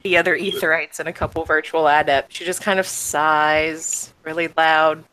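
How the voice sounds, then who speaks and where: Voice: medium pitch, level tone, normal speed, sharp tone, smooth, dry recording, poor audio. A player in a tabletop role-playing game, narrating what a character does in a casual, distracted way.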